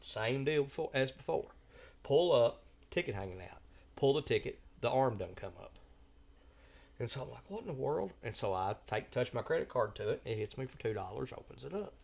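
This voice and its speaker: A man's voice: mid-range voice, expressive, normal speed, vocal fry, darkish tone. A man telling a travel story on a podcast in a folksy, drawling way, acting out the voices he quotes. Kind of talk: casual storytelling.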